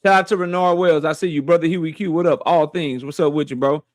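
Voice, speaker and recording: A man hosting a boxing livestream, shouting out viewers by name in loose, slangy casual talk. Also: a little high, steady tone, brisk, no echo, studio quality.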